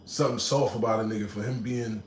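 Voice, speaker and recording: A man hosting a casual livestream, reading out comments and telling a story in animated, slangy talk with laughs. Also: lowish voice, fast, reverberant, a little hiss or hum, rough recording. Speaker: livestream host. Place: home room.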